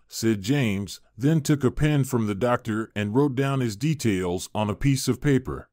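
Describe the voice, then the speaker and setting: A man reading a story aloud in a steady, even scripted narration. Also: medium pitch, a little slow, hardly any pauses, dry recording, clean studio sound.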